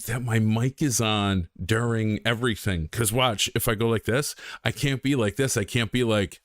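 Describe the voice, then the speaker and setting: A man's voice: lowish voice, steady tone, moderate pace, hardly any pauses, no echo, clean studio sound. A young man chatting casually on a game stream, rambling and self-deprecating with lots of ums and restarts.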